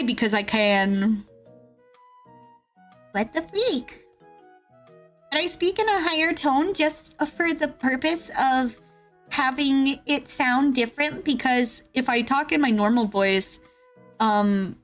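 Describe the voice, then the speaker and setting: Brief: young woman VTuber, high bright voice, giggly live chat, faint music behind. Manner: giggly, chatty, reads and answers chat. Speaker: VTuber streamer. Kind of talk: casual livestream chat.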